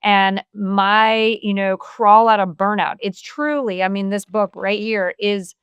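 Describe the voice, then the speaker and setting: Earnest woman with a smooth voice. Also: medium pitch, fairly even intonation, a little slow, a bit bright, no room sound, dull audio. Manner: earnest, open, many "you know" fillers. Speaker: podcast guest, wellness author. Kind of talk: casual conversational interview.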